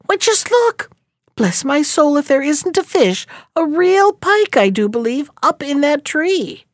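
Woman doing a sly old peasant man, scheming, slow, bouncy pitch, dry room. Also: big pitch swings, dry recording. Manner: sly, coaxing, feigns wonder.

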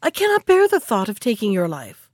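A woman reading the part of a kind young princess who speaks gently and pleadingly. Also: medium pitch, huge pitch swings, fairly quick, no echo, clean studio sound. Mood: gentle.

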